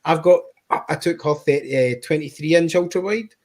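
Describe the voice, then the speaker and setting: A man chatting casually as a guest on a tech livestream, relaxed and conversational with hedging fillers. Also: on the high side, fairly quick. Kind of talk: casual chat.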